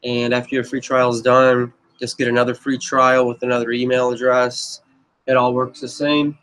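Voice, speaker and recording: A man talks straight to camera, pitching his own script in a loose, wandering flow that keeps circling back with "you know" and "but yep." His voice sits at an ordinary middle pitch and stays flat, with little rise or fall. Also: moderate pace, low-quality recording. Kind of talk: casual rambling pitch to camera.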